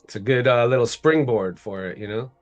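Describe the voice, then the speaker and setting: Upbeat male host, clear step-by-step explainer, soft music bed underneath. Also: mid-range voice, lo-fi sound. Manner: upbeat, explains trades step by step, quick agreeing. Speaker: livestream host trader. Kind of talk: casual livestream chat.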